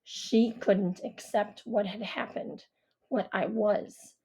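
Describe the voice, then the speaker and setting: A woman voicing a brooding, guarded young man who speaks low, slow and subdued in an audiobook. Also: fairly even intonation, gravelly, dark tone, slightly rough, full character voice. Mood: somber.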